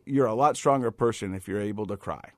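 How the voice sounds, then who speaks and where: A man's voice: fairly low pitch, brisk, no room sound, studio quality. Middle-aged man telling stories on a podcast. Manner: storytelling, warm-hearted, says "you know" a lot. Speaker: podcast co-host. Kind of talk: casual chat.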